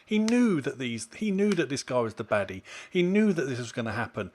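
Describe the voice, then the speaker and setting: A man's voice: mid-range voice, very animated, fairly quick, a little mellow. A man co-hosting a podcast, talking in an opinionated, emphatic way that builds to exasperated outbursts. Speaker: podcast co-host. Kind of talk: casual chat.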